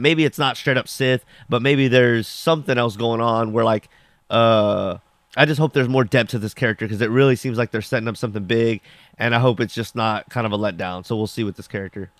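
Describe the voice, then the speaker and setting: In a mid-range, slightly bright voice with no echo, a young man goes over a TV episode in a casual, rambling way. He peppers his recap with fillers, "like" above all, and acts out what the characters said.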